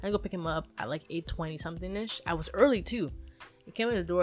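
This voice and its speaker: A woman co-hosting a casual podcast among friends, telling a story with lots of swearing and acted-out shouting. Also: on the low side, quick pace, faint music behind. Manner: animated storyteller, swears freely, acts out shouting. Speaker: podcast co-host.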